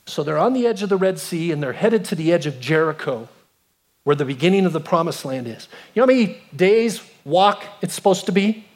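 A man in his fifties delivers a sermon in a noticeably high voice. He tells the story with animated swings, climbing to emphatic peaks and sinking to hushed lows. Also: fairly quick. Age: 50s. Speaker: pastor.

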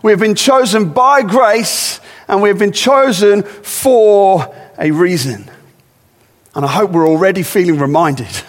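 A man with a high voice delivers a sermon in a church, his words trailing into a long hall reverb. He talks conversationally, then presses his points home by repeating them with rising force. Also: unhurried. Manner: conversational preaching with rising emphatic repetitions. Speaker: preacher.

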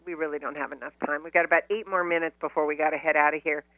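A woman's voice: sits low, fairly even intonation, rapid-fire, no echo, narrow, tinny audio. A woman hosting a radio show, talking casually with an effusive, affectionate, upbeat manner.

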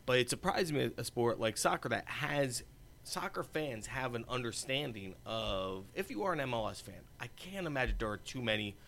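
A man's voice: mid-range voice, animated, moderate pace, vocal fry, fairly bright tone, a little hiss or hum. An American man co-hosting a podcast in casual chat, rambling, restarting and trailing off mid-thought. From United States. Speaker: podcast co-host.

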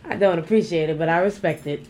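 A woman's voice: on the low side, fast talker, very noisy. A young adult woman co-hosting a podcast in casual chat, brash and profane, laughing often and mocking people in silly voices. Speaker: podcast co-host.

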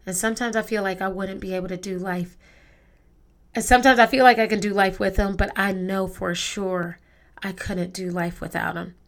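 A woman's voice: mid-range voice, fairly even intonation, normal speed. A woman hosting a podcast, talking in an earnest, conversational way. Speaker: podcast host. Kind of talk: casual podcast talk.

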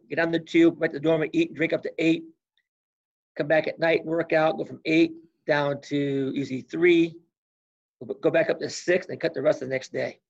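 Heard on a dull, lo-fi recording, this sixty-something former college wrestler has a gravelly, husky voice on the high side. As an interview guest, he tells lively stories casually and plays out old conversations.

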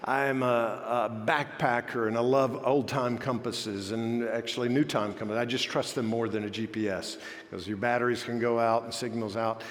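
A man preaches in an easy, conversational way. He pokes fun at himself between points, and his mid-pitched voice rings out in a large, reverberant hall. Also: steady tone, normal speed, hardly any pauses. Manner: conversational, self-deprecating, joking. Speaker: pastor. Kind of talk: sermon.

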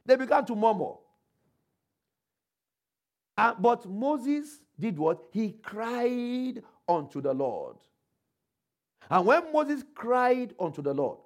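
This sermon comes from a high-pitched male preacher who quotes the Bible and calls on listeners to answer his rhetorical questions. His pace and volume rise and fall to drive points home.

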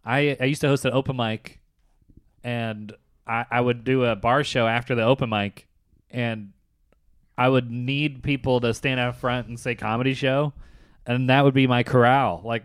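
A man, a comedian, chatting casually and teasing his co-host with quick joking asides. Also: medium pitch, fairly even intonation, smooth, no echo, studio quality. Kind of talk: casual chat.

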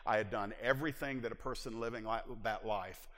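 A middle-aged man preaching a personal testimony in church, moving from hushed confession to loud exhortation. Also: fairly low pitch, a little fast. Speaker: preacher giving his testimony. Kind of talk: sermon testimony. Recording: long hall reverb.

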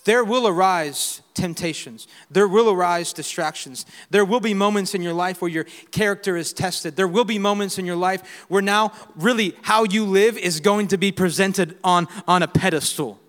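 A man preaching a sermon, swinging between loud exhortation and quiet reflection, with humorous asides and call-and-response lines. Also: high-pitched, normal speed, hardly any pauses. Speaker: pastor. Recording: reverberant hall with faint music.

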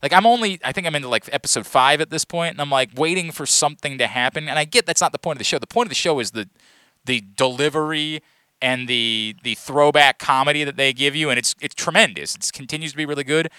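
A man co-hosting a casual chat and telling stories with animated, emphatic delivery. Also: a little high, fast talker, clean tone, no room sound.

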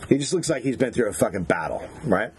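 A man's voice: on the low side, very animated, quick pace, darkish tone, a little hiss or hum. A man co-hosting a comedy podcast, telling a crude family anecdote and teasing his partner. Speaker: podcast co-host. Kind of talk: comedic storytelling.

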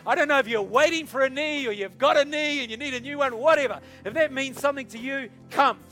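A man, a pastor, leading an altar call and prayer in a church service, hushed at times and urging at others. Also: extremely high pitch, fast, faint music behind. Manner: soft and hushed while praying, rising to loud urging. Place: church service with music behind.

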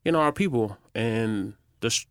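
A man's voice: medium pitch, lively intonation, moderate pace, fairly bright tone, no room sound, studio quality. A man co-hosting a casual podcast, easygoing and slangy, asking thoughtful questions. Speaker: podcast co-host.

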